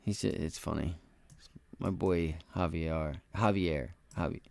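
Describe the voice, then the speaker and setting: A man hosting a day-trading livestream, giving slangy, boastful live market commentary straight to his viewers. He swings between loud excited bursts and low mutters to himself. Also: slow pace, gravelly, no echo.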